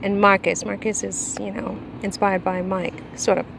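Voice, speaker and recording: A woman's voice: medium pitch, little pitch movement, moderate pace, creaky, fairly bright tone. A woman chatting casually to her camera outdoors, rambling and talking while she eats. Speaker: vlogger. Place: outdoors in hot weather. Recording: faint background noise.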